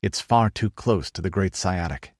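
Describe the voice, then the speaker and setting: A man voicing a calm, devout male priest and healer who speaks soothingly. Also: low voice, moderate pace, no echo, clean studio sound.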